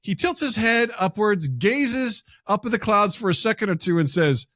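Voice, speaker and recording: A man co-hosting a podcast, telling stories in casual chat and acting out the people he quotes in loud, high voices. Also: expressive, moderate pace, dry recording, studio quality. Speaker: podcast co-host.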